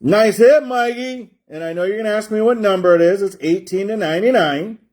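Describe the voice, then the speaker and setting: A man's voice: high-pitched, a little fast, a little mellow. A man hosting a sports card break stream, chatting and joking while calling out player names. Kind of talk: livestream card-break banter.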